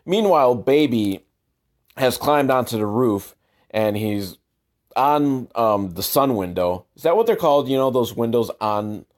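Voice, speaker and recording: Dude riffing on a bad movie, deadpan and rambly, pitch bouncing all over. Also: male voice, measured pace. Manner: rambling, deadpan, tangent-prone with many "like" fillers. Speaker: movie riff commentator. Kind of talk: sarcastic movie commentary.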